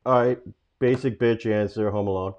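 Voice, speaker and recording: A man's voice: lowish voice, steady tone, normal speed, darkish tone, lo-fi sound. Wisecracking man guest comedian. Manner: joking, wisecracking. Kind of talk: casual chat.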